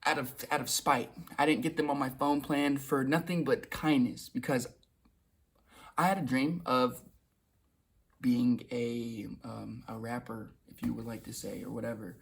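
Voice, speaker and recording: A young man talks straight to his vlog audience in a loose, rambling way. He restarts sentences, repeats words and drops the odd curse. His voice is husky and sits at an ordinary pitch. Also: fairly even intonation, unhurried. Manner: swears casually. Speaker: vlogger. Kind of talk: casual storytelling monologue.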